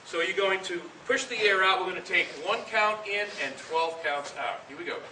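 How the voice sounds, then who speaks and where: A man leading a band through a breathing warm-up as director, explaining each step and then calling the counts out loudly and firmly. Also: high-pitched, normal speed. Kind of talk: instructional coaching with counted exercises. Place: large rehearsal room with a band. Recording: echoey room, far from the mic, audible hiss.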